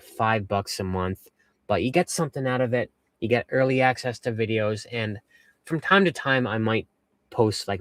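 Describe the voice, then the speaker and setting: A man's voice: medium pitch, no room sound. A young man from western Massachusetts chatting casually on a livestream from his camper van, reading viewer comments in a rambling, upbeat way. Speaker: vanlife livestream host.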